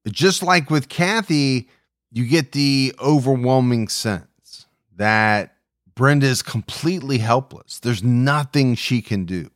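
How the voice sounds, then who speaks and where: A man co-hosting a true crime podcast, talking in a measured, somber way with small restarts. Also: mid-range voice, dry recording, clean studio sound. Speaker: podcast co-host.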